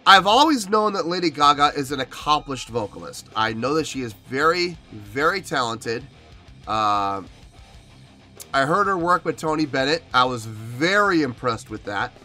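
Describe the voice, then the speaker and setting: A man's voice: a little high, sharp tone. A man hosting a music reaction video, talking earnestly and with emotion in a casual commentary style.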